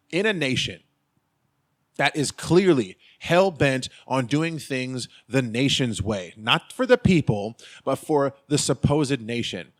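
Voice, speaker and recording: A man's voice: medium pitch, fairly bright tone. A man hosting his own show, talking in an emphatic, preachy rant and repeating his points. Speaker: host. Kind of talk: fired-up vlog rant.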